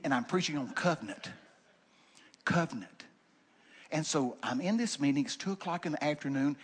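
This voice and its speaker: An older man preaching from the pulpit, telling folksy stories in an animated way, with joking and loud bursts. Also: on the high side. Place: church sanctuary.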